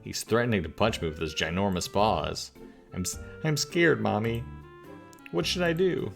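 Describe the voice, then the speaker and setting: A man's voice: lowish voice, animated, moderate pace, creaky, faint music behind. A man voicing a timid male cat detective who pleads with his mother. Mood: meek. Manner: meek, whiny, pleading.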